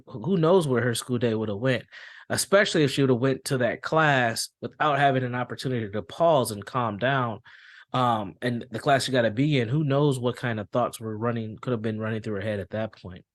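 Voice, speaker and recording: A man's voice: mid-range voice, fairly quick. Conversational man explaining anxiety on a podcast. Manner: conversational, repeats phrases, acts out quoted reactions. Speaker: podcast host and school therapist. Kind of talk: explanatory podcast talk with anecdotes.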